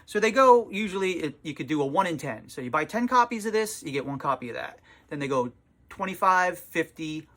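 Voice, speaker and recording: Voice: mid-range voice, fairly bright tone. Comic shop owner, casual vlog monologue, tired, exasperated, sarcastic, swearing, small shop indoors.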